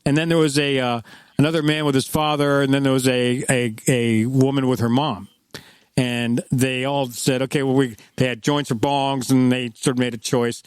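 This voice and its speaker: A man's voice: mid-range voice, steady tone, normal speed, smooth, no echo. A man in his fifties, co-hosting a podcast, tells loose rambling stories in casual chat and acts out the quotes. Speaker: podcast co-host.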